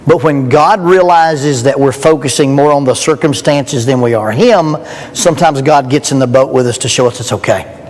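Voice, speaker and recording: A man's voice: mid-range voice, moderate pace. A man gives a joking, folksy storytelling sermon as a youth rally speaker in a church. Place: church hall. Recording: long hall reverb.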